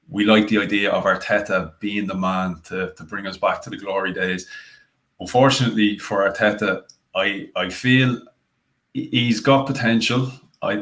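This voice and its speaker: A man with a somewhat low voice weighs his views slowly and thoughtfully. He fills his analysis with casual asides as a fan pundit on a discussion panel. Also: fairly bright tone, poor audio. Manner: measured, thoughtful analysis with many "you know" fillers.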